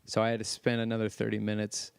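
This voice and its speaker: Man ranting with smooth clear voice. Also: on the low side, quick pace. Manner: animated storytelling, acts out quotes. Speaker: podcast co-host. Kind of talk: casual ranting chat.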